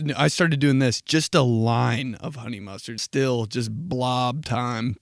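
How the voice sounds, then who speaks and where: A man's voice: medium pitch, a little slow, hardly any pauses, no echo, clean studio sound. A young man hosting a casual solo podcast, rambling through profane stories and laughing at his own jokes. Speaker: podcast host.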